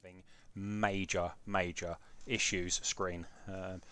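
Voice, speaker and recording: A man's voice: low voice, little pitch movement, slow, sharp tone, smooth, dry recording. A young man hosting a live game stream, chatting casually and swearing while fixing his setup and reading chat. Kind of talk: casual live gameplay commentary. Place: home room with PC setup.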